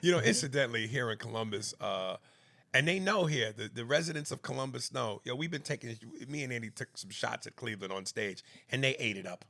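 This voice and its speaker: Gravelly, animated man teasing his co-host. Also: mid-range voice, fairly quick, dry recording, studio quality. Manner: streetwise, teasing, blunt. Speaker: podcast co-host, comedian. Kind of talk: casual comedic banter.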